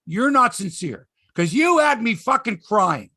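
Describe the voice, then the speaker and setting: A man's voice: sits high, big pitch swings, a little slow, hardly any pauses, bright, forceful tone, no room sound, clean studio sound. A man hosting a sports podcast, ranting in casual chat, swearing and acting out quotes in voices.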